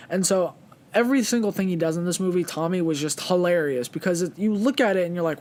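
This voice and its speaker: A young man with a noticeably high voice talks through his thoughts on a film. His delivery is loose and earnest, full of "you know" and restarts. It sounds like an unscripted solo review. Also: fast, darkish tone. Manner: rambling, filler-heavy, earnest. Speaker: movie reviewer. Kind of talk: casual spoken movie review.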